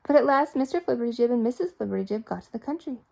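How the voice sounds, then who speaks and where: A woman reads a children's storybook aloud, expressive and playful. Her pitch sits a little high and moves a lot, and her voice has a gravelly fry to it. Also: rapid-fire. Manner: expressive, playful sound effects. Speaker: storybook reader.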